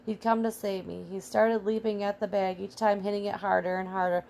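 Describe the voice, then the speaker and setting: A plucky pet hamster tells his own adventure in an earnest, excitable way, voiced by a woman. The pitch stays fairly flat and even, with a gravelly edge to the voice. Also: a little fast, slight background noise, natural voice. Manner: earnest, excitable first-person storytelling. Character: small brave pet hamster, male.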